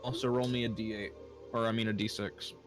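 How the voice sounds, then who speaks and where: A man's voice: fairly low pitch, flat delivery, brisk, music in the background. A man narrating as game master, easygoing and full of fillers.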